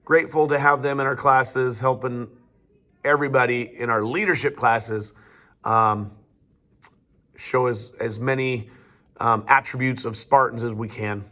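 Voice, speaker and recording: A man's voice: medium pitch, fairly even intonation, measured pace, fairly bright tone. A male teacher giving upbeat, chatty school announcements with casual fillers. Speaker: teacher presenting student awards.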